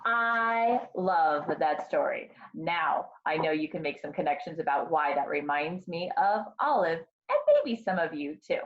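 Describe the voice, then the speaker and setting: A woman kindergarten teacher reading a picture book aloud to her class, slow and expressive, pausing to ask the children questions. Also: sits low, phone-quality sound.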